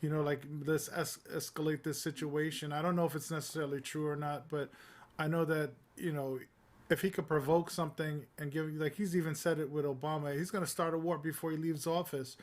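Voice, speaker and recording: A man's voice: a little high, flat delivery, a little fast. A man co-hosting a casual news podcast, talking in a rambling, informal way with many fillers. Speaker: podcast co-host.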